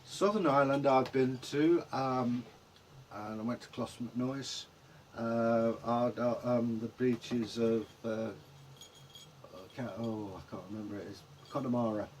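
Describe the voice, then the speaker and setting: A man's voice: mid-range voice, fairly even intonation, unhurried, a little hiss or hum. An English man co-hosting a vlog in casual chat, rambling and trailing off mid-sentence. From England. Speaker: vlog co-host.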